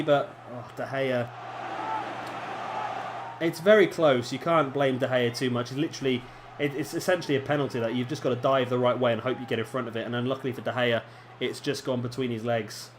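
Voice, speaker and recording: A man's voice: medium pitch, background noise. A young man giving casual, self-deprecating commentary while playing a football video game. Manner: chatty, self-deprecating, reacting aloud to play. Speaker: gaming commentator. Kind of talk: casual let's-play commentary.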